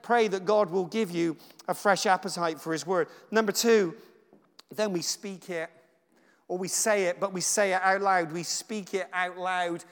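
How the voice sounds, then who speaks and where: A guest preacher with a somewhat high voice delivers a sermon with emphatic, repeated phrases. He swings from loud declarations to soft, hushed lines. His voice rings with a long reverb from a large hall. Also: steady tone, a little slow.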